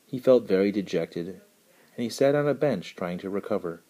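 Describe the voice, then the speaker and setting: A man reads a storybook aloud with a deep, mellow voice. His pitch moves freely as he tells the tale. His telling is expressive and unhurried. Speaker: narrator. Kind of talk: storybook reading.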